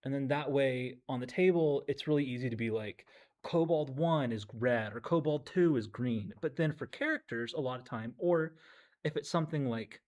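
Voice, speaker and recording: A man's voice: medium pitch, normal speed, a little mellow. A man painting miniatures at a game store on a livestream, explaining things to viewers in a casual way with plenty of ums and likes. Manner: explaining to chat with fillers.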